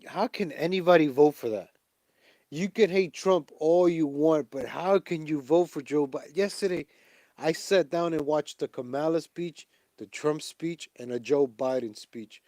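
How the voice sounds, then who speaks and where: A man's voice: on the high side, a little slow, dark tone, no room sound. A man ranting animatedly in a political vlog, full of asides and restarts. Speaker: vlogger. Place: home in Pennsylvania.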